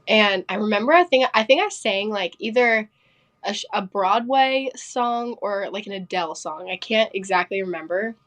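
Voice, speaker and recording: A young woman from Pennsylvania talks as a podcast guest about her singing, rattling off stories with plenty of "like" and "um." Her voice sits at an everyday pitch for a woman, and she keeps it loose and conversational. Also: fairly bright tone. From Pennsylvania, United States. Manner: chatty, quick storytelling with many fillers. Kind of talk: casual interview chat.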